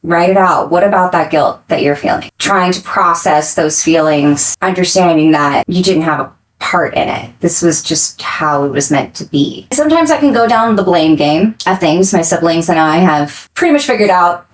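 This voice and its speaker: Young adult woman, podcast guest, slightly low voice, candid and earnest. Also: low-quality recording. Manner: earnest and reflective, quick bursts between slow phrases. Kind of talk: candid interview talk.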